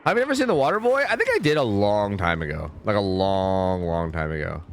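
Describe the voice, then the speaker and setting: Animated, jokey male game streamer. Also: on the low side, fairly quick, slight background noise. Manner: exasperated, jokey, rambling asides to chat. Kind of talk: casual gameplay commentary.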